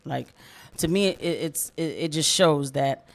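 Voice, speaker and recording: Female commentator, low-leaning voice, emphatic and repetitive delivery. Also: a little slow, creaky, slight background noise. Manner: impassioned, emphatic, repeats herself. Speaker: political commentator. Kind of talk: opinionated livestream commentary.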